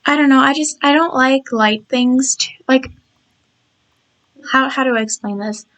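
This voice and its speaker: A tired woman talks casually over her game-build video, her voice a bit croaky and scratchy. She sits a touch higher than most women. She rambles in a loose, chatty way, with plenty of restarts. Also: a little slow, a bit bright. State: tired and yawning.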